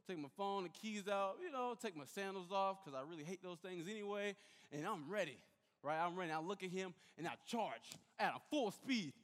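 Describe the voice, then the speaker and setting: Man, young adult, youth preacher, animated storyteller, long reverb. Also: high-pitched, fairly quick. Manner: animated storyteller, acts out voices and shouts. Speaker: youth pastor. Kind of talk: sermon with personal story.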